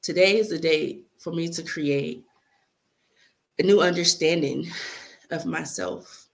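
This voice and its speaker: A young adult woman, low-pitched and slow with noticeable vocal fry, reads a heartfelt letter of her own. Her manner is earnest and moving, sometimes near tears, in this emotional spoken-word reading.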